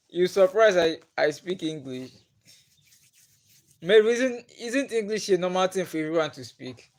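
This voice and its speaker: Slow-talking Nigerian man hosting a live stream. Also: high-pitched, expressive, darkish tone. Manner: chatty, laughs often, greets viewers by name. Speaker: livestream host. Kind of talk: casual live-stream chat with viewers.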